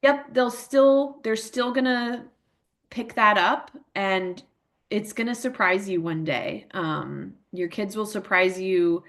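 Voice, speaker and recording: A woman's voice: mid-range voice, slow, fairly bright tone. Chatty woman leading a parent workshop. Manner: chatty, many fillers and tag questions; acts out emotions in quoted examples. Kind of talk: casual talk answering parent questions.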